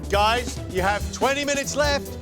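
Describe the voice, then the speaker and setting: A man's voice: very high voice, unhurried. A man hosting a cooking competition, teasing the cooks and calling out time warnings. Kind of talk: energetic studio hosting. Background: background music.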